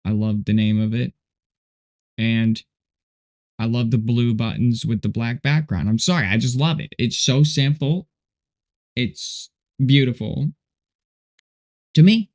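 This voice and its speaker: A man's voice: mid-range voice, a little slow, long pauses, a little mellow. A man hosting a casual livestream while coding, rambling and laid-back, often saying "dude" and "you know". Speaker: livestream host.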